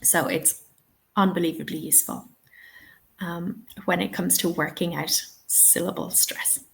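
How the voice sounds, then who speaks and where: A woman's voice: lowish voice, fairly even intonation, a little slow, gravelly. A woman running a teaching webinar, encouraging and checking in often with "okay?" and "yeah?". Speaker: TEFL trainer.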